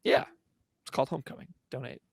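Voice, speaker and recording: A young man co-hosting a podcast, chiming in with quick jokes and reactions. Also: dry recording. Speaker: podcast co-host. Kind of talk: casual chat.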